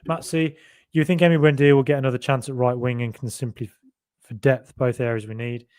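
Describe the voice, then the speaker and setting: A man's voice: mid-range voice, level tone, brisk, a little mellow, clear, resonant tone. A young man from Solihull with a faded Birmingham accent, hosting a casual podcast chat and rambling as he reads out viewer comments. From Solihull, Birmingham area. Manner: rambling, self-correcting, chatty. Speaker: podcast host.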